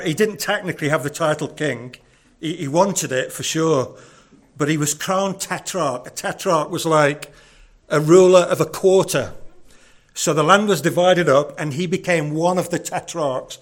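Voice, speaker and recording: Earnest male preacher with a higher voice. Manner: conversational, earnest, with stumbling repeats. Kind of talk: sermon.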